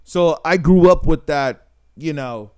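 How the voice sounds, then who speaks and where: Blunt emphatic man, smooth clear voice. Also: on the high side, slow pace, darkish tone. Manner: blunt, emphatic, keeps saying "man" and "right?". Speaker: channel host. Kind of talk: casual monologue to camera.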